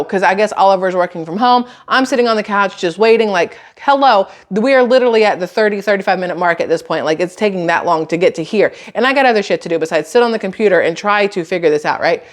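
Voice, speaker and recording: A woman telling a story to her viewers in a casual, exasperated, sarcastic tone, swearing now and then. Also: medium pitch. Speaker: YouTuber.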